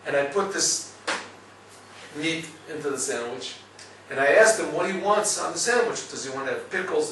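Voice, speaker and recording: A man giving a lively Torah class, telling stories and checking with listeners as he goes. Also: fairly high pitch, very echoey, far from the mic, slight background noise, poor audio. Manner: storytelling, lively, asks listeners "right?". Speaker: rabbi teaching a class.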